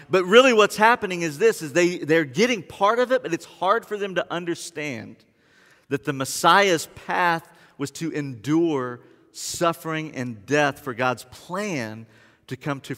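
Male pastor, sermon, bright and forceful tone, animated storytelling, long hall echo. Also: on the high side. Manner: animated storytelling, retelling scenes in casual words.

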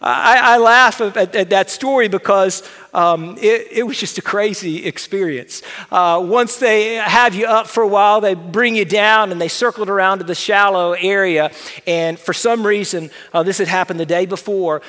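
A middle-aged man telling a personal story to an audience, animated and self-deprecating. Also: high voice, moderate pace. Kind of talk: storytelling talk with slides. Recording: long hall reverb.

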